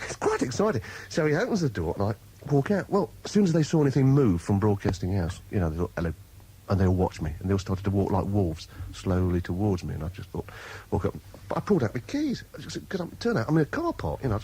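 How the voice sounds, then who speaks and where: A man's voice: fairly low pitch, quick pace, slightly rough, low-quality recording. A man presenting on radio, telling a long anecdote in casual chat, laughing and acting out voices as he goes. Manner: animated, laughing, acts out voices in his stories. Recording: 1980s radio broadcast.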